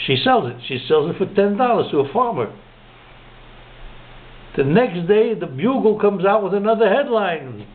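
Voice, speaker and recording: A man telling a long shaggy-dog joke, chuckling at his own punchlines and slowing down to deliver them. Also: sits high, very animated. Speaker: joke teller. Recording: narrow phone-like sound.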